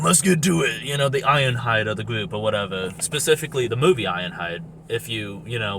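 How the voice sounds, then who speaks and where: A man's voice: lowish voice, bright, forceful tone, slight background noise. A man giving a casual, rambling movie review, swearing often and laughing between points. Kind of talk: casual rant.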